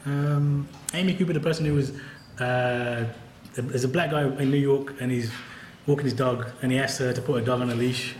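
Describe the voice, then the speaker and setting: Speaking at normal speed with fairly even intonation, a professor and author talks conversationally at a book event in a mid-range voice. He's candid and wry, often laughing. The audio carries a roomy event-hall sound and slight background noise.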